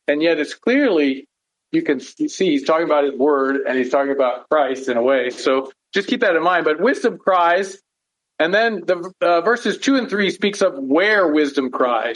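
On poor audio, a pastor with a somewhat high voice teaches a Bible study as a conversational, earnest sermon. He asks frequent rhetorical questions and keeps checking in with "right?"

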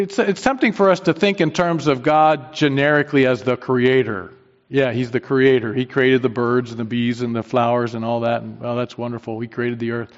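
A man preaching a sermon, earnest and emphatic, repeating his key phrases for weight. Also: medium pitch. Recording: dull sound with long hall reverb.

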